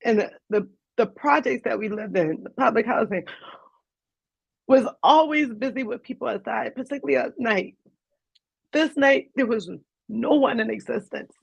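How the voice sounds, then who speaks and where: A woman's voice: fairly high pitch, normal speed, creaky, slightly rough, no room sound. A woman, a guest on an interview show, earnestly retelling a personal story in vivid detail. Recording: dull lo-fi dry sound.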